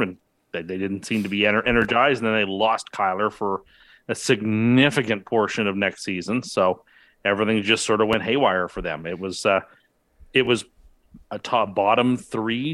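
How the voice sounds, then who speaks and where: Dude on a betting podcast, lowish voice, dry sound, kinda halting. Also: male voice, a bit bright, no echo. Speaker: podcast co-host. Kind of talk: casual sports betting chat.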